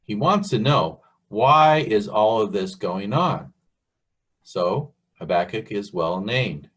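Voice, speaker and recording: A man preaching a Bible sermon in a slow, earnest way, often asking the listener questions. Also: on the low side, animated, fairly bright tone, husky.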